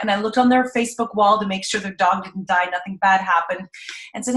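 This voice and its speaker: A woman's voice: medium pitch, flat delivery, brisk, a bit bright, roomy sound, low-quality recording. A woman hosting a casual live video chat, talking in a chatty, upbeat way with plenty of "like" and "you know.". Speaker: host.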